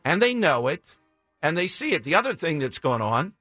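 A man's voice: fairly high pitch, very animated, normal speed, bright, forceful tone, dry recording, soft background music. A man hosting a talk radio show, blunt, combative and sarcastic. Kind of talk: opinionated talk radio monologue.

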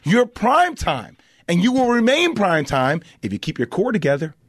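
A man's voice: sits high, brisk, dry recording. A man appearing as a studio guest on a sports radio show, chatting casually and making emphatic points while talking over the hosts. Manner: animated, emphatic, talks over others. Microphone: studio mic.

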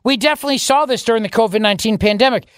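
A man's voice: extremely high pitch, racing, fairly bright tone, clear, resonant tone, no room sound, studio quality. A man hosting a talk radio show, delivering a sarcastic, opinionated monologue and acting out mock dialogues.

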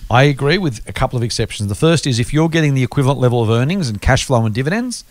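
Fast-talking man, dry sound. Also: mid-range voice, animated, no echo. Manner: explains patiently with worked examples. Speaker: podcast co-host. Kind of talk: casual investing podcast chat.

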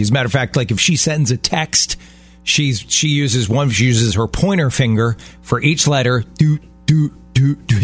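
A middle-aged man co-hosting a radio show, chatting in an animated, joking way. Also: mid-range voice. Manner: animated, joking, mock-jealous. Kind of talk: casual radio banter.

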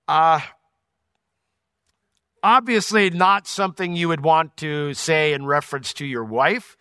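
A man's voice: fairly high pitch, unhurried, sharp tone, smooth, no room sound, studio quality. A man teaching through a Bible passage verse by verse, reading each verse aloud, explaining it plainly and now and then correcting himself.

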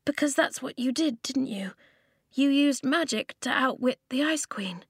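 An anxious young girl whispers urgently and eagerly, her hushed voice climbing higher, as a woman narrator puts her on. The sound is dry and close to the mic. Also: animated, measured pace, slightly rough, dry recording, heavily acted. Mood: earnest.

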